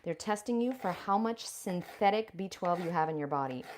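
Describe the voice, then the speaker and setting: Outspoken woman host with a lowish voice, cursing freely as she preps food live in her kitchen, faint hiss behind her. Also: lively intonation, normal speed, darkish tone. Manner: blunt and profane, emphatic; chatty, addresses viewers directly. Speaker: raw vegan lifestyle vlogger. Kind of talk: casual livestream chat while cooking.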